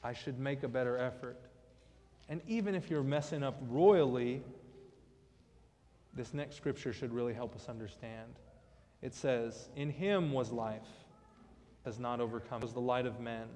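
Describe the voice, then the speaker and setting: Male pastor, relaxed joking sermon, mid pitch, reverberant church. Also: measured pace, long pauses. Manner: conversational, joking asides. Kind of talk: casual sermon. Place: church sanctuary.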